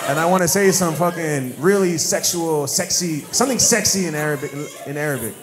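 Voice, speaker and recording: A man from Maryland doing stand-up crowd work on a club stage, teasing an audience member with loud, profane banter. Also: a little high, brisk. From United States (Maryland). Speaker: stand-up comedian.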